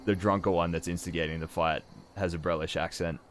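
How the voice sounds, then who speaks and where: A man narrating as game master for a tabletop role-playing game, relaxed and hesitant with frequent fillers. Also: low voice, a little fast, hardly any pauses. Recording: faint background noise.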